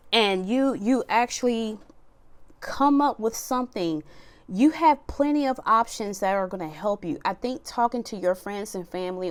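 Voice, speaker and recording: Woman tarot reader, mid-pitched and smooth, animated, blunt, swears casually. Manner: animated, blunt, swears freely, laughs and goes off on tangents. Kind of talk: casual tarot reading to camera.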